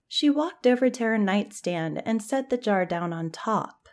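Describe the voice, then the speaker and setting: Slow, calm woman storyteller. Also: medium pitch. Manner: calm, measured. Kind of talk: scripted story narration.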